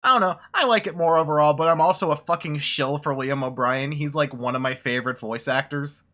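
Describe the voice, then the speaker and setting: Bright-voiced rambling game streamer. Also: medium pitch, a little fast. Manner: rambling, profane, laughs often. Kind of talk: casual gaming stream chat.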